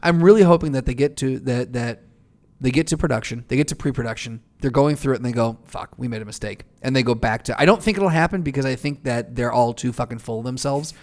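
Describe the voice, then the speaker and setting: A man's voice: medium pitch, fast, a little mellow. A man co-hosting a podcast in casual comedic chat, swearing and egging on the jokes. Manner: laughs easily, swears, eggs on the jokes. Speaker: podcast co-host.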